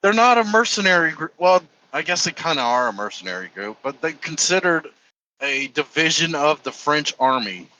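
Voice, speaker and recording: A man with a slightly raised, bright voice chats in a laid-back, slangy manner on a podcast. A faint noise sits under his voice. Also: fairly high pitch, sing-song, normal speed, poor audio. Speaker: podcast co-host. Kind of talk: casual group chat.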